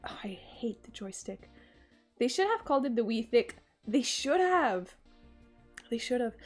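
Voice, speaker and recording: A young woman streaming a game, chatting playfully with viewers and often breaking into giggles. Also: fairly high pitch. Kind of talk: casual game-stream chat.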